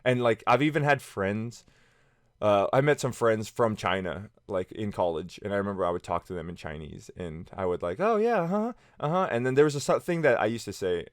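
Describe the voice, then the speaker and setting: A man with a fairly low voice tells personal stories in a loose, rambling way, full of fillers and restarts. He now and then slips into quoted voices for friends. The sound is close and dry. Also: fairly quick, dry recording. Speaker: vlogger. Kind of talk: casual storytelling to camera.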